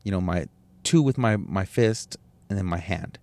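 A man's voice: low voice, moderate pace, creaky, darkish tone, no echo. A young man hosting a podcast, telling a personal story in a candid, emotional, rambling way with restarts and swearing. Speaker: podcast host.

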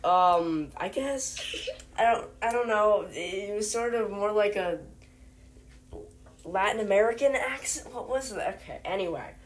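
A woman's voice: medium pitch, measured pace. A young woman hosting a homemade mock news show, rambling and hesitant, full of fillers. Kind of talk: playful mock newscast.

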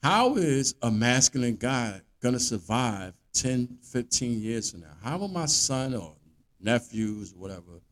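A blunt, profane man rants his way through a monologue as a podcast host. His pitch swings up and down with lively emphasis, and he sits right in the middle of the male range. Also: a little slow.

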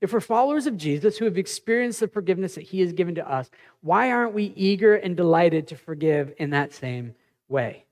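This is a man in his thirties, a pastor, preaching with animation and a chatty tone while sharing anecdotes from his own life. He speaks briskly, and his voice sits high.

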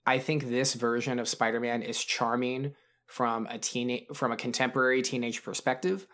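A man's voice: medium pitch, flat delivery, moderate pace, a bit bright. Guy on a podcast rambling about movies, lots of likes and restarts. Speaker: podcast co-host. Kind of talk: casual podcast chat.

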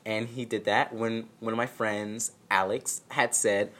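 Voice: medium pitch, steady tone, a little slow, fairly bright tone. A speaker telling a personal story at home in a casual vlog, sarcastic and self-mocking. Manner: sarcastic, self-mocking, acts out quotes in exaggerated voices. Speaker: storyteller vlogger. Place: home, with a dog nearby.

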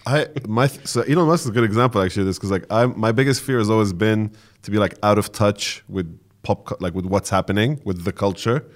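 A man in his forties co-hosting a podcast, self-deprecating and quick to laugh. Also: lowish voice. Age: 40s. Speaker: podcast co-host. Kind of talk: casual chat.

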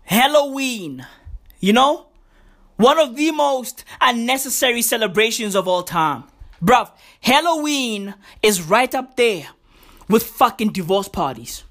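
A woman's voice: fairly high pitch, animated, unhurried, fairly bright tone. A woman delivering a profane, slangy comic rant to the camera, full of emphatic catchphrases. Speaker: comedian vlogger.

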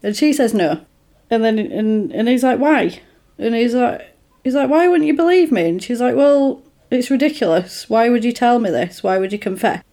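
A woman chatting casually, retelling a film plot and acting out the characters' lines in an animated way. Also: on the high side, moderate pace.

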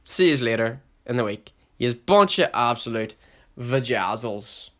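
A young man hosting a solo podcast, rambling casually with heavy swearing and sudden loud hype bursts. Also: medium pitch, animated, measured pace. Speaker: podcast host.

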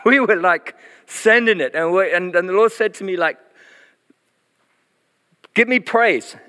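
A man's voice: high voice, normal speed, clean tone. Man preaching in a reverberant hall. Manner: animated, chatty, laughs often, many fillers. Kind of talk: sermon testimony storytelling. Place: church hall. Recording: long reverb in a church hall.

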